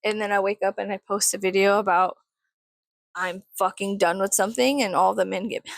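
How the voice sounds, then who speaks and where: A woman vlogging casually while doing her makeup, rambling and swearing, sometimes dropping to a soft whisper. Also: medium pitch, expressive, normal speed, vocal fry, long pauses, no room sound.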